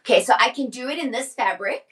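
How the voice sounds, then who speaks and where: A woman's voice: sits high, expressive, quick pace, fairly bright tone, poor audio. A middle-aged woman, a personal stylist, chatting casually on a live shopping stream, answering viewer questions and often restarting her sentences.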